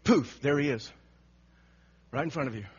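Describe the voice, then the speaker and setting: A man preaching an animated sermon, telling the story dramatically and acting out the quotes with frequent laughter. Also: mid-range voice, normal speed, slightly rough. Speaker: pastor. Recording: muffled lo-fi recording.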